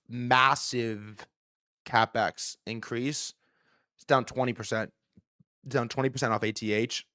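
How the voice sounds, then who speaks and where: Fast, profane male stream host. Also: medium pitch, no room sound, studio quality. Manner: profane, heated ranting; fast, excitable delivery. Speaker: livestream host. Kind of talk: live-stream market commentary.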